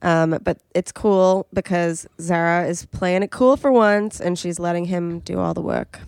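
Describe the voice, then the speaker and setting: A young woman with a lowish, gravelly voice chats loosely about a reality show, full of fillers and playful quotes of the cast. Her voice is close and dry, with no room around it. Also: steady tone, measured pace, darkish tone, no echo. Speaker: podcast co-host. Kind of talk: casual reality TV recap chat.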